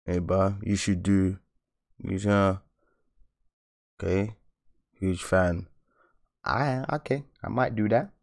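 A young man chats loosely with viewers while he draws, full of slang and easy laughs. His voice sits very low, and he talks the way a host does on a relaxed live stream. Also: slow, vocal fry, long pauses. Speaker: art channel host. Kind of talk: casual live-stream chat while drawing.

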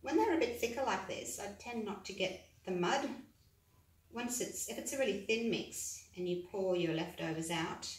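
A woman's voice: mid-range voice, moderate pace, recorded from a distance. Woman, casual paint-pouring vlog, chatty and encouraging, echoey room. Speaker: hobby paint-pouring vlogger. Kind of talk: casual demonstration talk. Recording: roomy echo, voice from away from the mic.

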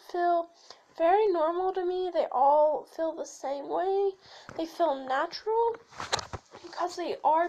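Teen girl vlogging, very high-pitched, slow unhurried talk, rambling, lots of fillers, voice keeps shifting. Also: mellow, rough recording. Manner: rambling, sidetracked, shifts her voice back and forth; hesitant with many fillers and restarts. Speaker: channel host. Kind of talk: casual chat to camera.

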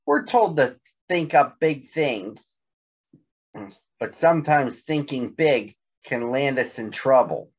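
A man's voice: mid-range voice, lively intonation, takes it slowly, breathy edge, highs cut off. A man hosting a virtual storytime, introducing a picture book in a chatty way with a few slips. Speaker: host reading picture books.

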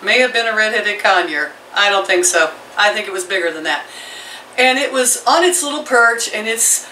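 A middle-aged woman talks casually to her viewers and her animals, rambling from one thing to the next in a home vlog. Her voice is bright and carries a roomy echo. She sits some way back from the camera mic, with faint noise behind her. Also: mid-range voice, animated, normal speed, recorded from a distance. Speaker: vlogger. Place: home, indoors and out by the chicken pen.

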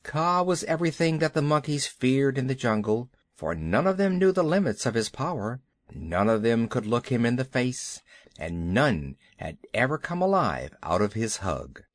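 A man narrating a children's audiobook in an expressive, unhurried storytelling manner. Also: medium pitch, no echo, clean studio sound.

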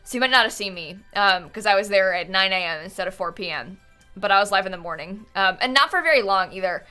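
A woman's voice: mid-range voice, lively intonation, quick pace, sharp tone, clean tone, faint music behind. A woman hosting a casual live game stream from home, chatty and rambling with many fillers, thanking her viewers as she goes. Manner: reads out and thanks chat viewers.

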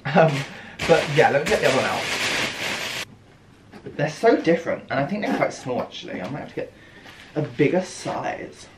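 A young man with a British accent, excitedly unboxing a clothing haul and exclaiming, gasping and laughing often. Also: on the high side, moderate pace, pauses often. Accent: British English. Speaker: fashion vlogger. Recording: echoey room with clear background noise.

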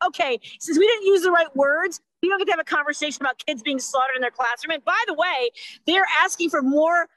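A woman comedian with a high, bright, sharp voice rants in a rambling, exasperated way. She turns everything into a joke. The sound is close and dry, over a video call. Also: brisk, no echo, low-quality recording. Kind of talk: stand-up rant.

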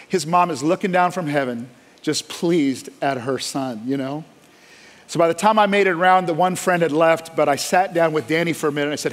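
Male pastor, sermon delivery, impassioned storyteller, loud then hushed, slightly high voice. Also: brisk. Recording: long hall reverb.

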